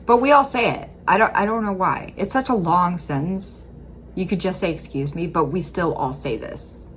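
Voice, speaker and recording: A woman with a Midwestern accent rambles casually in a low voice, chatty and full of fillers as she comments on a video. A faint hum hangs behind her close mic. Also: normal speed. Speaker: reaction video host.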